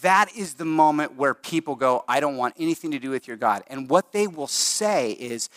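A middle-aged male pastor preaching a sermon in a conversational, animated way, speeding up and slowing down for emphasis. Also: a little high, no room sound, clean studio sound. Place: church sanctuary.

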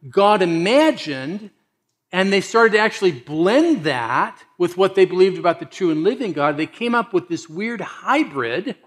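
A man preaching a sermon and reading scripture aloud, swinging between loud emphasis and hushed asides. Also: sits high, lively intonation, measured pace. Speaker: pastor.

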